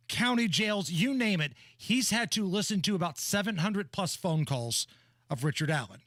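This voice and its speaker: A male talk radio co-host with a fairly high voice works through the day's news in careful order. His studio mic sounds dry and close. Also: fairly bright tone, dry recording. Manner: methodical, reads details in order. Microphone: studio microphone.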